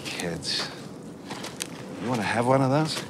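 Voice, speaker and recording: Grumpy paleontologist, dry and grumbling, mid pitch, outdoor film clip with noise. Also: male voice, expressive, slow pace. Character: gruff grown male paleontologist who dislikes kids. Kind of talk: film scene dialogue.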